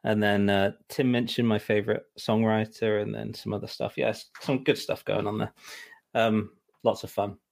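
A man chatting on a podcast, telling long, rambling stories in a mildly exasperated tone. He often stops and restarts his sentences and fills pauses with ums and uhs. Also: on the low side, level tone, gravelly. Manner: rambling, exasperated storytelling with many fillers. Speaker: musical director and co-host. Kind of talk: casual chat.

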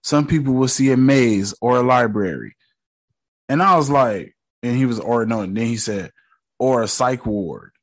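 A man's voice: medium pitch, normal speed. A man casually recapping a TV episode in slangy, joking talk, mockingly quoting the characters. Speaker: show recap host.

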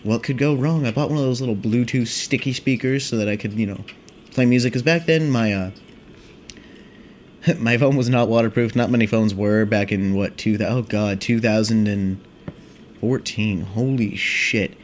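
A man's voice: medium pitch, normal speed, a little hiss or hum. A man in his twenties telling a long casual story, rambling and swearing with many fillers. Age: 20s. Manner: rambling, profane, filler-heavy with constant "like" and "dude". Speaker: vlogger.

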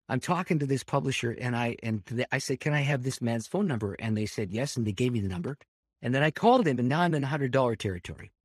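A man, a pastor, telling a personal story with lots of laughter, dropping to a hush and then rising loud and excited. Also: mid-range voice, no echo, studio quality. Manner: animated storyteller, laughs often, swings between hushed and loud. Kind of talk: storytelling testimony.

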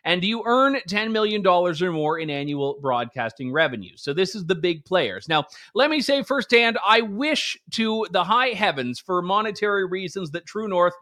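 Male pundit with a high voice, talking straight to camera in a wry, sarcastic monologue. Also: very animated, normal speed, few pauses, bright, forceful tone. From Canada. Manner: sarcastic, conversational, emphatic. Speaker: political commentary show host. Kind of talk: opinion commentary monologue.

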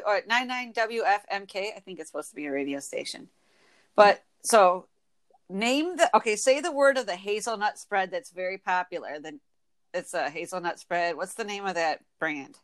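A woman's voice: medium pitch, normal speed. A woman from Michigan with a Michigan accent, co-hosting a casual chat podcast, chatty, full of slang and laughter. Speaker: podcast co-host.

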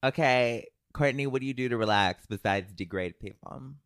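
A woman's voice: very deep voice, no room sound, clean studio sound. A young woman co-hosting a podcast with her sisters, sarcastic and teasing in casual chat. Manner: sarcastic, teasing, quick retorts. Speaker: podcast co-host.

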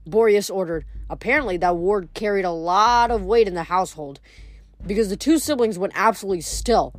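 A woman's voice: lowish voice, normal speed, faint music behind. A woman reading a novel aloud in a plain way, often stopping to correct herself. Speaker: reader.

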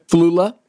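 An actor playing an insecure office worker who stammers and rambles. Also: male voice, sits high, warm tone, husky, full character voice. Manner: stammering, restarting.

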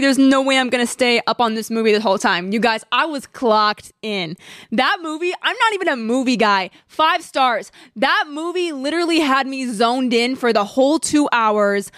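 A young woman hosts her podcast in a candid, chatty way, telling personal stories with lively asides to her listeners. Her voice sits a little high. The sound is dry and close, with no room echo. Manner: chatty, candid, animated storytelling. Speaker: podcast host. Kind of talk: casual chat.

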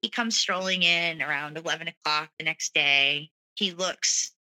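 A woman's voice: sits low, unhurried, sharp tone, poor audio. A woman earnestly telling her own story as a guest, with lots of "you know" and "like" fillers. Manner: earnest, many fillers like 'you know' and 'like'. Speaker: guest sharing a personal story. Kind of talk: candid personal storytelling.

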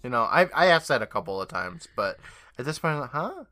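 A man's voice: mid-range voice, very animated, fast, sharp tone, faint music behind. A man co-hosting a podcast, joking and swearing through a casual TV recap. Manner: joking, swearing, playing out quoted lines. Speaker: podcast co-host.

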